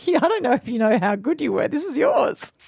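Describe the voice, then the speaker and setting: A woman's voice: high-pitched, sing-song, gravelly, darkish tone, slightly rough, no room sound, clean studio sound. Playful Australian female radio co-host. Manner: playful, quick to laugh. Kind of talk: casual radio chat. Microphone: studio microphone.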